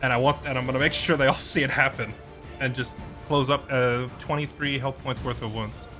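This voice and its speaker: A man's voice: medium pitch, a little fast, music in the background. A man playing in a tabletop game, joking and bantering with the game master. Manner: lively, laughing banter. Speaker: player. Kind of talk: casual tabletop play.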